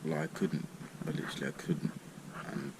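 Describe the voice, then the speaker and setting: A man's voice: a bass voice, level tone, a little fast, creaky. A man telling a rambling, sweary story in a laid-back way, smoking as he talks. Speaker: vlogger. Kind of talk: casual storytime. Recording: noticeable background noise.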